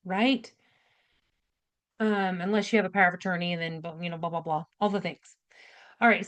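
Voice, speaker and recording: A woman's voice: medium pitch, fairly bright tone. A woman nurse giving a casual spoken health lesson, direct and chatty, often checking in with "right?" and "okay?". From United States. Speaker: nurse educator hosting a health class.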